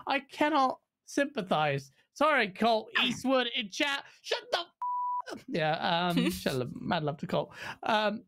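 A woman co-hosting a gaming podcast, talking bluntly in casual chat, swearing freely and jumping into high mocking quotes of other people. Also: a bit bright. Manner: blunt, profane ranting. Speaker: podcast co-host.

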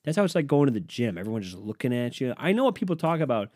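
A man's voice: mid-range voice, very animated, very fast, dark tone, no echo, studio quality. A man, hosting a solo podcast and ranting sarcastically, swearing often as he reacts to headlines. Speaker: podcast host. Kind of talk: profane solo podcast rant.

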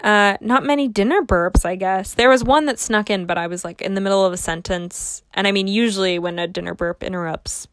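A woman's voice: medium pitch, a little fast, few pauses. A young adult woman hosting a casual solo podcast, rambling and joking at her own expense. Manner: rambling, self-mocking humor. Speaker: podcast host.

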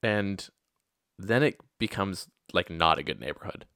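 Brief: deep-voiced man, chatty storyteller, dry close sound. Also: animated, measured pace, pushed and bright, no room sound. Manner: rambling, self-correcting anecdote with asides. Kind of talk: casual personal storytelling.

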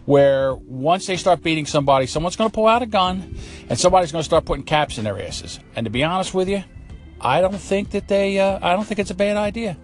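Brief: male talk host, blunt profane ranter, slightly high voice, light music bed. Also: fairly quick. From United States. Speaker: commentary show host. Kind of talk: opinionated monologue.

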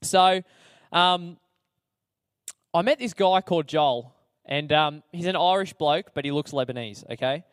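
This young adult from Australia recounts his testimony unhurriedly, slangy and laughing at himself amid plenty of fillers. His slightly high voice has a clear, resonant tone, and the recording is dry and echo-free.

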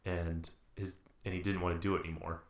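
Rambling podcast guy, lowish voice, bit of room echo, jokey. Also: flat delivery, a little fast. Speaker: podcast host. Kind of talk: casual movie-review chat.

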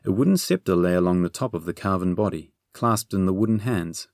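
Gravelly low-voiced male storybook narrator. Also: brisk, a little mellow, no echo, studio quality. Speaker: audiobook narrator.

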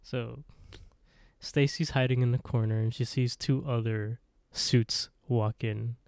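Man, podcast co-host, casual plot recap, laughs a lot, mellow tone, dry close sound. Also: medium pitch, fairly even intonation, takes it slowly, creaky, dry recording. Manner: laughs often while retelling the plot.

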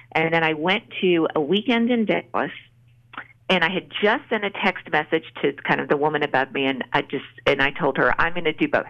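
A woman's voice: low-pitched, a bit bright. Casting: earnest woman guest, storytelling testimony, muffled lo-fi remote audio. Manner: earnest storyteller, acts out quotes. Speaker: author guest. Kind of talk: faith testimony in a podcast interview.

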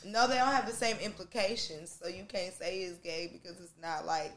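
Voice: mid-range voice, fairly even intonation, moderate pace, fairly bright tone. A speaker chatting casually with friends, reacting expressively. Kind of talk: casual chat. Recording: echoey room.

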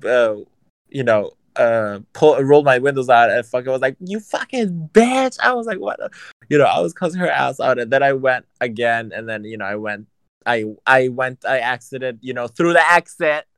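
A man in casual chat, telling a story in an animated, profane and sassy way. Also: mid-range voice, moderate pace, clear, resonant tone, no room sound.

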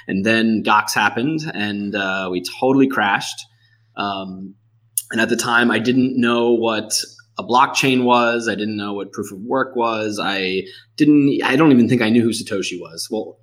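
A man speaking as a guest on a casual podcast interview, relaxed and chatty, joking, with frequent fillers. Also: fairly low pitch.

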